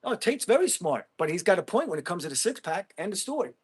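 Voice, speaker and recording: Blunt high-voiced man livestreaming. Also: very animated, quick pace, husky. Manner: blunt, emphatic, calls viewers bro. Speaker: livestream host. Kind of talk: casual livestream chat, reading comments.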